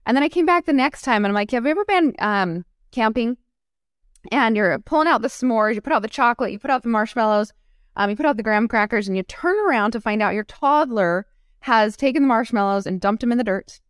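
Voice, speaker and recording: Brisk and clean in tone, her voice is on the high side. As a guest entrepreneur in an interview, she chats casually, animating her stories by acting out quotes and laughing frequently. There is no room sound, just clean studio audio.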